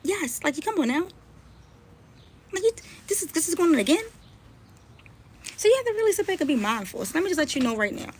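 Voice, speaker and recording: A woman's voice: very high voice, very animated, fast talker, pauses often, slight background noise. A woman blogger and mother ranting on a live stream, scolding and confronting someone she is talking about. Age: adult, mother.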